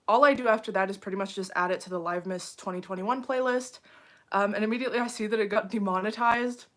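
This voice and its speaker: A young woman on a casual home live stream addresses viewers as she reads the chat, sounding frazzled and using many fillers. Her voice is mid-range with a fairly bright tone.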